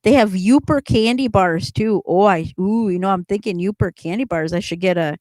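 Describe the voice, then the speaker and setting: Chatting casually with livestream viewers, a middle-aged woman rambles through her answers and laughs frequently. She speaks at normal speed in a medium-pitched, darkish voice, recorded with no echo.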